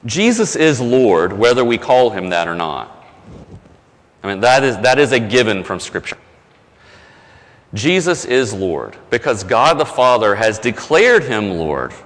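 A man's voice: medium pitch, very animated, a little slow, fairly bright tone, long reverb tail. A male pastor delivering a sermon in a conversational, self-deprecating storytelling way, with frequent restarts.

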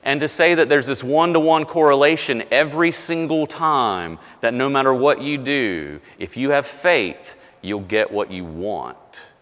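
A man preaching a conversational sermon as pastor, often dropping low and soft to stress a point. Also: expressive, measured pace, few pauses, long reverb tail.

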